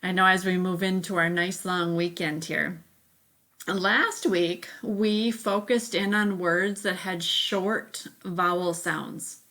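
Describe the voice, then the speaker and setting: A woman's voice: lowish voice, steady tone, slow pace, pushed and bright. A woman teacher giving a remote phonics lesson, patient and step by step, often saying okay.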